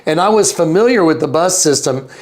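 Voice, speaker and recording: Guy guest telling a long story, voice on the high side, goes squeaky when he quotes people. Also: animated, fairly quick. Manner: acts out other people's lines in a raised pitch; rambling, with frequent restarts and asides. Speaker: interview guest. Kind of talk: casual storytelling.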